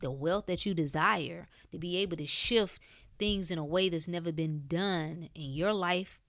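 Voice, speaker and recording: A woman giving a motivational talk on health and spirit, preachy and emphatic, moving between loud bursts and soft hushed stretches in casual, clipped speech. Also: on the low side, measured pace, no room sound, studio quality. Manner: casual speech with dropped words. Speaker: wellness speaker. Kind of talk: motivational monologue.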